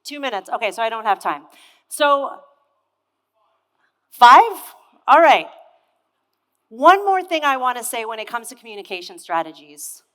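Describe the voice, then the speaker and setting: A woman's voice: a little high, big pitch swings, a little slow, long pauses, fairly bright tone. A woman in her thirties giving a motivational keynote on stage, telling a story with energy and putting questions straight to the audience. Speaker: keynote speaker. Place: conference hall stage. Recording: echoey hall with long reverb.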